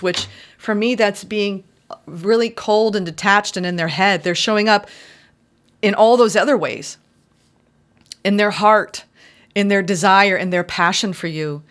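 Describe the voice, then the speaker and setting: A woman in the middle of a tarot reading, speaking in a warm-hearted, spiritual way. She turns effusive and emotional as she interprets the cards, then settles into reading their meanings aloud. Her voice sits at a medium pitch. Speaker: tarot reader.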